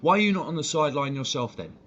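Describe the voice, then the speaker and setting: A man's voice: a little high, lively intonation, fairly bright tone. A man hosting a fan channel, ranting heatedly and swearing a lot during live-stream commentary. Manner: heated, sweary, fast-talking rant. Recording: dull lo-fi stream audio with faint noise.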